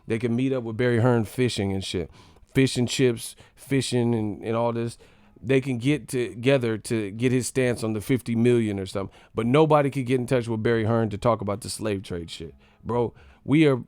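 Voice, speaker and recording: A man rants through a live stream, heated and mocking, full of slang, hammering the same points again and again. His voice is smooth and resonant, with a mid-range pitch. The sound is dry and close, with no room around it. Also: a little mellow, no room sound. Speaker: boxing commentary channel host.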